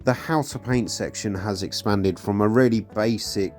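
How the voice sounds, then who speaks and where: A man's voice: lowish voice, normal speed, a little mellow, soft background music. A man hosting his own hobby channel, reviewing magazine releases in a chatty, upbeat way with plenty of fillers. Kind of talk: casual product review.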